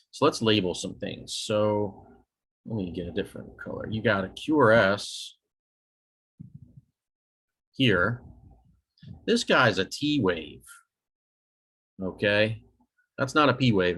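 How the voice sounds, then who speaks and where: Low-voiced man teaching a casual lecture. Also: a bit bright, breathy edge. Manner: casual, self-correcting, checks in with "okay?". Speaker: EMS instructor. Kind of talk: recorded screen-share lecture.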